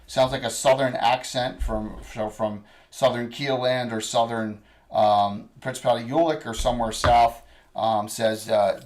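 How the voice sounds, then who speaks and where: A man acting as dungeon master, running a tabletop game in a relaxed, chatty way with lots of fillers. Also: medium pitch, measured pace.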